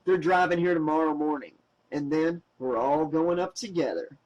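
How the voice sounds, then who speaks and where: A man's voice: on the high side, moderate pace, a little mellow, lightly acted, low-quality recording. A man voicing a smug teenage boy who brags and teases. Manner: teasing, boastful. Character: cocky teen boy, smug party guy. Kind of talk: audiobook character voice.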